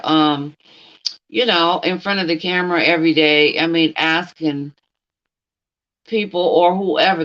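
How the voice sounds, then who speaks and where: A middle-aged woman hosts a casual livestream, her voice fairly low and a little bright through a muffled recording. She's blunt and outspoken, speaking directly to someone who isn't there and replying to her chat.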